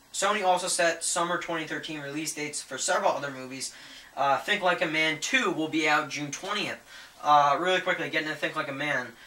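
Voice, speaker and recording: Male movie vlogger, eager and rambling, crisp bright tone, roomy echo. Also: a little high, far from the mic. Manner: rambling, many fillers and restarts; enthusiastic. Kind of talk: casual news commentary. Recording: echoey room, voice set back from the mic, faint ambient noise.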